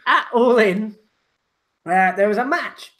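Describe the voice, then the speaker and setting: A woman co-hosting a casual wrestling chat, rambling and laughing, loud when teased. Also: medium pitch, expressive, slow. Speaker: podcast co-host.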